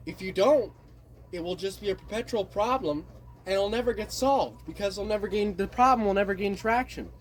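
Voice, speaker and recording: A man from the desert Southwest of the US rants to camera in a blunt, rambling monologue that is often profane. His voice sits a bit higher than most men's, with a faint hiss of noise under it. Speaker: vlogger. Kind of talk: casual monologue rant.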